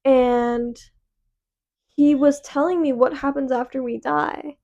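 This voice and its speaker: A woman's voice: high voice, fairly even intonation, slow pace, mellow, highs cut off. A young woman co-hosting a podcast, telling stories in a chatty way full of "like" fillers. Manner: chatty storytelling with many "like" fillers. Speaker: podcast co-host. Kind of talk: casual chat.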